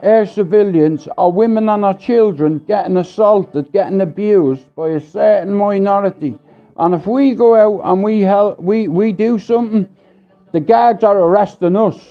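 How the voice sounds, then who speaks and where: Irish man, blunt profane rambling rant, dull lo-fi stream sound, faint music underneath. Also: sits high. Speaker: livestream host. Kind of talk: ranting livestream monologue.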